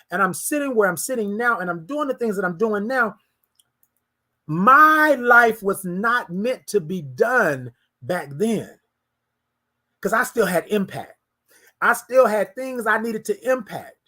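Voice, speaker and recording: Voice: medium pitch, pushed and bright. Emphatic preacherly host, slangy and repetitive. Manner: emphatic, repetitive, preacherly, talks to listeners directly; casual slang. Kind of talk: inspirational morning talk.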